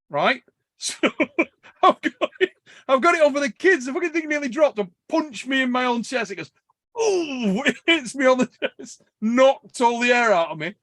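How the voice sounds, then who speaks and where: A man's voice: sits high, no echo, studio quality. A man hosting a podcast, telling a story in casual chat, swearing and laughing as he goes. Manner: animated, swears a lot, laughs while telling stories. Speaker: podcast host.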